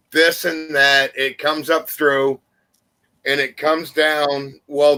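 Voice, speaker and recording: Slow, bright-voiced man telling his story. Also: on the high side. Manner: earnest, unhurried storytelling. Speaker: live chat panelist. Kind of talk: casual group chat.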